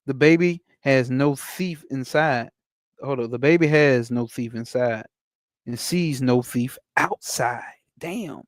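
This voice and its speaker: A man's voice: mid-range voice, dry recording, clean studio sound. Slangy, blunt man reading a spiritual text. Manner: slangy, blunt asides with profanity between slow reading; streaming to a live chat. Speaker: spiritual teacher. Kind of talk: reading a text aloud and commenting on it.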